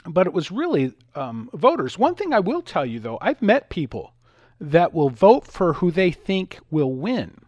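A middle-aged male radio host tells stories in a lively, sing-song voice that sits a little high for a man. The studio sound is dry, with faint music underneath. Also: unhurried, no room sound. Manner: animated, acts out voices in anecdotes. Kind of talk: talk radio monologue with storytelling.

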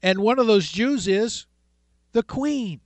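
A man hosting a call-in radio talk show, retelling a story with animated delivery and acted-out voices. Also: sits high, takes it slowly, dry recording.

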